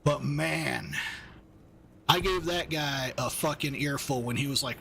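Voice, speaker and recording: A man's voice: on the high side, normal speed, creaky, fairly bright tone, slight background noise. A man, angry and steamed up, ranting profanely and rambling in casual chat while streaming a game. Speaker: gaming streamer.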